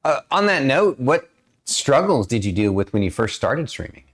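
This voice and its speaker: A woman's voice: extremely low pitch, very animated, moderate pace. A woman hosting a podcast interview, laid-back, giving short reactions and asking questions. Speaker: podcast host. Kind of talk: casual interview.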